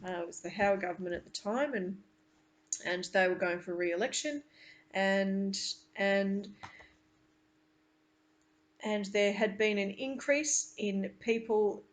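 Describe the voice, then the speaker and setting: A woman, a teacher, reading a novel aloud to her class and stopping to explain it in earnest, halting asides. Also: medium pitch.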